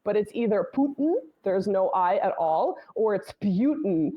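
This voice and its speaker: A talkative woman whose first language is Russian, speaking as an interview guest in a loose, wry, conversational way. Her voice sits at an ordinary middle pitch and keeps asking for agreement as she goes. The recording is a bit dull and lo-fi. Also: moderate pace. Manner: chatty, wry, lots of "right?" tags. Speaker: guest commentator.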